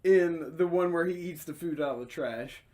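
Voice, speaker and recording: A man's voice: on the high side, normal speed, darkish tone. A man co-hosting a casual podcast, laid-back, mostly agreeing and laughing along. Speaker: podcast co-host. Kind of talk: casual drinking-podcast chat.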